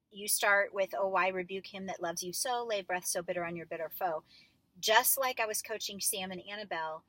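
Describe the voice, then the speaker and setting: A woman's voice: medium pitch, bright, forceful tone, dry recording. A woman coaching actors through a scene, explaining line by line with hesitant fillers. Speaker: drama coach.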